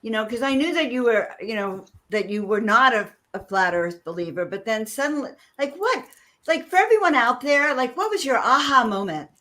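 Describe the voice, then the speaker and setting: Lively, eager woman co-host asking questions. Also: on the high side, moderate pace. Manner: eager, chatty questions, many fillers. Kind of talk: podcast interview.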